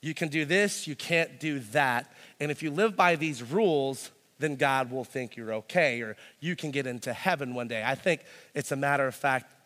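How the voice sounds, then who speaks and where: A man's voice: mid-range voice, normal speed, hardly any pauses, a bit bright, in a large hall. A man preaching a sermon as a pastor, talking in a loose conversational way full of "like". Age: young adult to middle-aged, a parent. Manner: conversational, peppered with "like".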